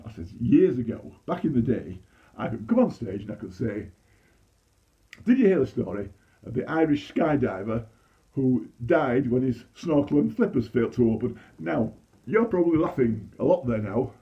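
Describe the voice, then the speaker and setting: A man's voice: mid-range voice, muffled recording. A man in his sixties with a Yorkshire accent, doing a chatty, self-deprecating stand-up comedy monologue full of restarts. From Leeds, England. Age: 60s. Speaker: amateur comedian.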